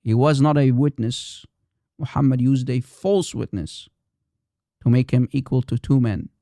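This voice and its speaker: A man's voice: medium pitch, measured pace, mellow, no room sound, clean studio sound. Combative man hosting a live stream. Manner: combative, repetitive, challenging. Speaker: livestream host. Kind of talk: heated live-stream polemic.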